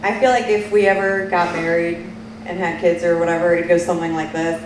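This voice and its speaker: A woman with a fairly low voice delivers deadpan, confessional stand-up. The sound is very echoey and distant, with clear background noise. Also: fairly quick. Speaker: stand-up comic. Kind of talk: stand-up comedy set. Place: small bar lounge stage. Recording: echoey room, mic far off, noisy.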